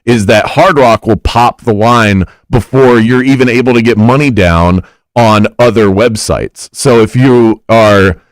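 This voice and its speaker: A man's voice: medium pitch, unhurried, no room sound, poor audio. A man co-hosting a sports talk radio show, chatty and self-assured as he talks through betting.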